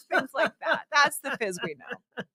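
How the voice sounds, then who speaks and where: A woman's voice: high voice, animated, unhurried, bright, forceful tone, no room sound, clean studio sound. A woman co-hosting a radio show, teasing her co-host and laughing in casual chat.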